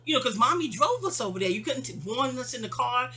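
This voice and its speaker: A woman's voice: on the high side, big pitch swings, quick pace, bright, forceful tone, husky. A woman telling a personal story in a rambling, casual storytime style, often repeating words and acting out what others said. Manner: rambling, repeats and restarts words, acts out quotes.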